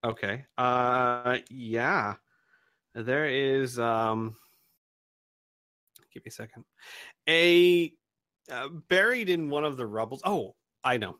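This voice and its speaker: A man running a tabletop game as game master, describing scenes deliberately and pausing to think. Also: medium pitch, pushed and bright, dry recording, clean studio sound.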